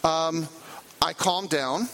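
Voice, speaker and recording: Middle-aged guy, kinda high voice, chatty storytelling on a church stage, lots of ums. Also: drawn-out words, a bit bright, poor audio. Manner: conversational, with frequent fillers and self-corrections. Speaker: guest speaker, trauma therapist. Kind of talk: storytelling talk from a church platform.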